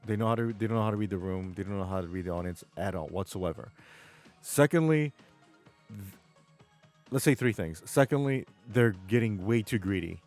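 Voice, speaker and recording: A man's voice: lowish voice, brisk, a little mellow, soft background music. A man with a New York accent, chatting casually on a live stream while gaming, rambling and reading chat aloud.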